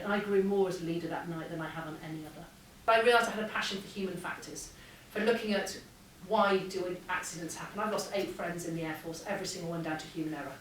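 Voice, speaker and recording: A woman, a former air force pilot, giving a lively motivational keynote and acting out the dialogue in her stories. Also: lowish voice. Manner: lively anecdotal, acts out dialogue. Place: large hall with an audience. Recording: echoey hall, distant mic, faint hum.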